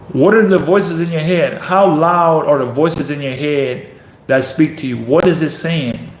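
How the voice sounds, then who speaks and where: A young adult man, a professional basketball player, giving an intense, repetitive motivational speech that builds to emphatic peaks. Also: on the high side. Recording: echoey room.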